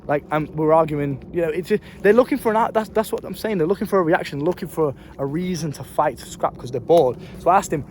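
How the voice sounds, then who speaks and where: Fast-talking, blunt young English man. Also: on the high side, darkish tone, slight background noise. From England. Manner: blunt, profane, emphatic with street slang. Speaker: vlogger. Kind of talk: casual storytelling advice. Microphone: phone.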